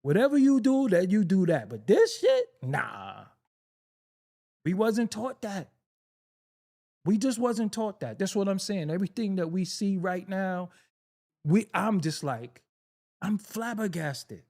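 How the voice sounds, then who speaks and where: A man's voice: high-pitched, big pitch swings, unhurried, long pauses, mellow. A man hosting a casual reaction video, joking, laughing often and swearing freely as he comments on clips.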